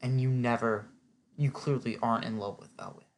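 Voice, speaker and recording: A man's voice: medium pitch, fairly even intonation, a little fast, a little hiss or hum. A man giving a casual, opinionated spoken recap, chatty and filling his talk with "like". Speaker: TV recap vlogger.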